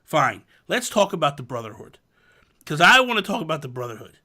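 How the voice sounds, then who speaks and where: Young male podcast host; animated storyteller, slightly high voice, mock-grumpy. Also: a little fast. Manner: animated storyteller, laughs often, mock exasperation. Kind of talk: casual gaming podcast chat.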